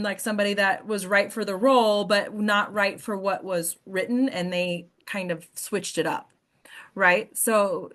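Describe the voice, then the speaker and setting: A woman's voice: mid-range voice, a bit bright. Encouraging woman leading an acting workshop. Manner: encouraging, keeps checking in with "right?". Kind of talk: casual group discussion.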